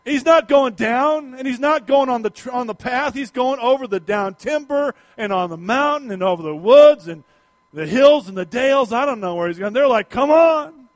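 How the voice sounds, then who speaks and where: A middle-aged man preaching a sermon in a folksy storytelling way, swinging between loud emphasis and quiet asides. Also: very high voice, animated, normal speed, no echo. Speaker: pastor.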